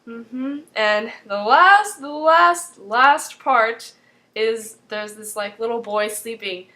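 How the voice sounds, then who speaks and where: A young woman talks her way through a recap for her vlog in loose, rambling sentences, with filler "like"s everywhere. Her voice sits slightly higher than most women's. It sounds casual and unscripted. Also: slow pace, bright, forceful tone. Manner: chatty, fills with 'like' constantly. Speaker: vlogger recapping a TV episode.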